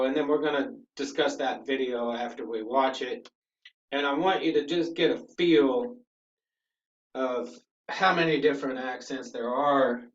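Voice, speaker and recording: Teacher's voice, echoey from far off. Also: male voice, mid-range voice. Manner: patient, checks in with frequent "okay?". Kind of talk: classroom lesson explanation. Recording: echoey room from a distance, dull sound.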